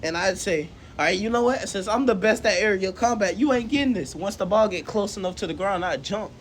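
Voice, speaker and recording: Casual male storyteller, high-pitched, animated, slangy, acts out the dialogue. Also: fairly quick, slight background noise. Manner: animated and slangy, acts out quoted lines and laughs often. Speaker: co-host telling a fan story.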